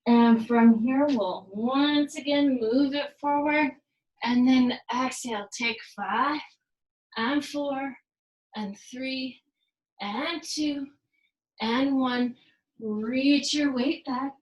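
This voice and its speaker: A woman with a high voice guides a workout in an unhurried, slow rhythm, calmly cueing movements and counting down reps. Now and then she slips in a Spanish phrase. Her voice rings a little in an echoey room. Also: lo-fi sound. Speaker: yoga and fitness instructor.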